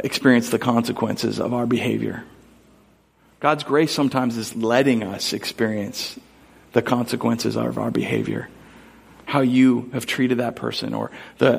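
A man preaching a sermon as a pastor, talking casually and acting out little scenes and quotes as he goes. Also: medium pitch. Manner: conversational, storytelling with acted-out quotes.

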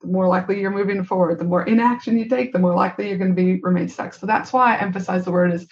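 A woman's voice: mid-range voice, fairly even intonation, quick pace, few pauses, lo-fi sound. A woman hosting a podcast as a business consultant, speaking emphatically, repeating points and adding "right?". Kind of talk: interviewer asking questions and coaching.

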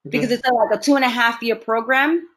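A woman actress being interviewed, telling stories in an animated way and laughing often. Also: fairly high pitch, fast. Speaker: actress, guest. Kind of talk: casual interview conversation.

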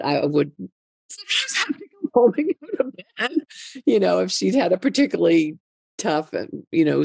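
A woman's voice: deep voice, gravelly, no room sound, clean studio sound. A middle-aged woman speaking earnestly in an interview, emphatic and often repeating words as she tells a personal story. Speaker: guest, mother and advocate. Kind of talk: conversational interview.

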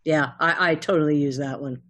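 A woman chatting casually and playfully, quick to agree and joke. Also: low voice, steady tone, fairly bright tone. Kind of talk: casual chat.

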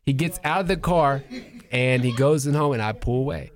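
A man's voice: mid-range voice, normal speed. A man in casual chat with friends, animatedly retelling a story with acted-out quotes and profanity.

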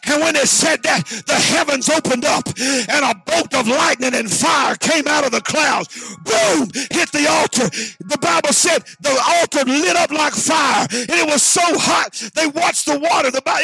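High, gravelly preacher shouting. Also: male voice. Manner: dramatic storytelling, shouting and acting out voices. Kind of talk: sermon.

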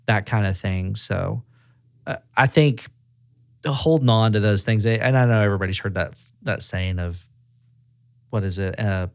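Animated man telling workplace stories. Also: on the low side, moderate pace, gravelly, long pauses, no echo, clean studio sound. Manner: animated storyteller acting out quoted dialogue. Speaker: auto repair regional director. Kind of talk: casual podcast interview.

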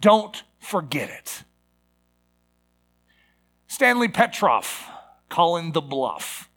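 High, bright-voiced preacher man. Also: animated, normal speed. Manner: storytelling, rising to emphatic exhortation. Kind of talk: sermon.

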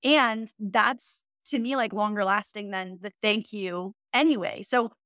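A woman's voice: mid-range voice, a little slow, sharp tone, no room sound, studio quality. A woman in her thirties, a mindset coach, talking in an upbeat, encouraging way as a guest in a casual interview. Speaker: mindset coach and social media influencer; podcast guest.

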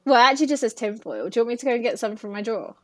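A woman chatting as a guest on a video call, quick to react and giggle. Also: fairly high pitch, expressive, a bit bright, no echo. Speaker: guest content creator. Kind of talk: casual banter on a group call. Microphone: desk mic on a video call with ring light.

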